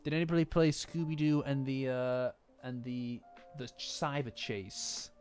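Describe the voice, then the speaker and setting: Rambling Nottingham man streaming, soft music behind. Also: medium pitch, steady tone, measured pace. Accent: Nottingham English. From Nottingham, England. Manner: rambling, easily distracted, self-mocking. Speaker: streamer reacting to a manga chapter with chat. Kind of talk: casual live-stream chat. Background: faint lofi background music.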